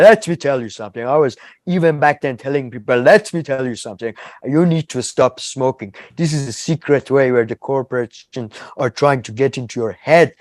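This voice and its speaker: A man's voice: mid-range voice, a little mellow, no room sound, natural voice. A man in a comedy sketch playing a conspiratorial ex-wrestler governor who lectures and repeats catchphrases. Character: ranting ex-wrestler male governor, conspiratorial and preachy.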